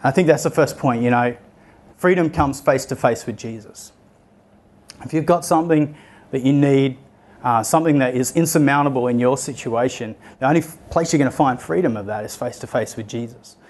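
A man's voice: medium pitch, fairly quick, a little mellow. A young man giving a sermon, telling a story and acting out the voices of the people in it. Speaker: preacher.

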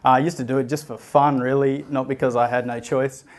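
A man's voice: mid-range voice, flat delivery, brisk. A young man giving a sermon, telling a story and acting out the voices of the people in it. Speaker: preacher.

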